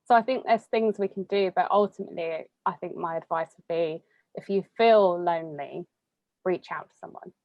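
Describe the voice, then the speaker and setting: A young woman, chatting casually as an interviewee, full of fillers and quick laughs. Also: lowish voice, a little mellow, dry recording, lo-fi sound. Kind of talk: casual conversation.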